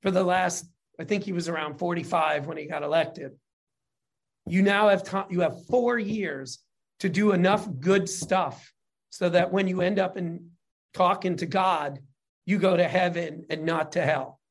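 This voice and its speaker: An animated storyteller in relaxed conversation, swearing often and acting out every character's lines. The speaker keeps stopping to apologize for the story running long. The voice sits at an everyday middle pitch. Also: unhurried. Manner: profane, animated storytelling with lots of quoted dialogue; apologetic asides mid-story. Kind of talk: casual chat, storytelling.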